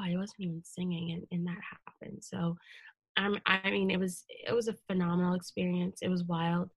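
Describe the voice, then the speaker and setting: As a guest on a podcast, a young American woman recounts a heartfelt memory with earnest emotion in a casual interview conversation. Her mid-pitched voice is captured close and dry, without any room sound, and her speech is full of fillers and restarts.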